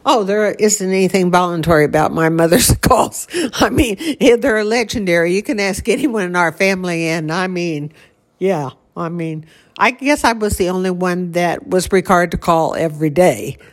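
A woman's voice: fairly low pitch, moderate pace. Older woman reminiscing with laughs. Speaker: grieving daughter recalling her mother. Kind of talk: casual conversation.

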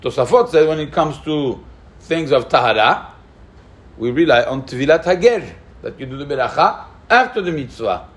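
Man, rabbi-style lesson, questioning, restarts, clears throat, raised pitch. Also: moderate pace. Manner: lively, questioning, mixes Hebrew terms into English. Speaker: rabbi teaching a class. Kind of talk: spoken Jewish law lesson.

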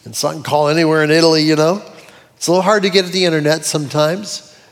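A man preaching a sermon in an animated way, with dramatic swings in his voice as he quotes scripture. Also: on the high side, quick pace, long reverb tail. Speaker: pastor.

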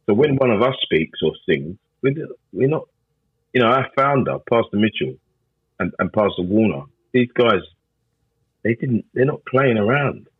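A man's voice: lowish voice, big pitch swings, moderate pace, husky, no echo, narrow, tinny audio. A man who is a pastor and gospel singer, talking emphatically in casual conversation. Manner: emphatic, repeats "you know what I'm saying".

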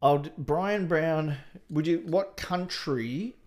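A man's voice: fairly high pitch, takes it slowly, a little mellow. An Australian man co-hosting a comedy podcast, bantering playfully with mock-grand flourishes.

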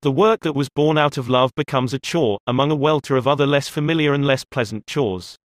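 Narrating an audiobook, a man uses a medium-pitched voice and a measured, expressive storytelling style. The recording is dry and the studio sound clean.

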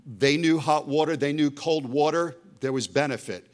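A man's voice: fairly high pitch, moderate pace. A middle-aged man preaching a sermon as a pastor, emphatic and full of storytelling asides.

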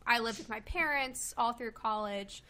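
Woman in her twenties from Kentucky, slightly high and bright, talking in a loose chatty way with plenty of fillers. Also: normal speed. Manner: chatty, many fillers and laughs. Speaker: guest. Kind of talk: casual chat. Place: home with a loud pet bird.

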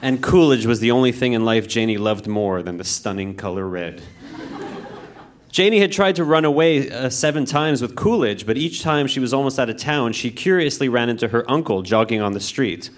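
Man reading a childhood story deadpan. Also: medium pitch, moderate pace, slight background noise. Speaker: reader. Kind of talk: reading his childhood story aloud on stage. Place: live show in a music venue.

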